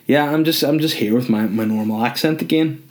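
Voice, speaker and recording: A man hosts a solo comedy podcast at a medium pitch. He rambles from one joke to the next with quick asides, then circles back to his point. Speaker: podcast host.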